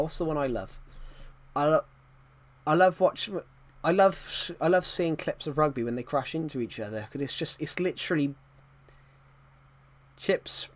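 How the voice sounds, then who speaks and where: A young British man in his twenties, live-streaming a football video game and chatting loosely, often restarting sentences and chuckling. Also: on the high side. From United Kingdom. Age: 20s. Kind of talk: casual live-stream chat while playing a football game.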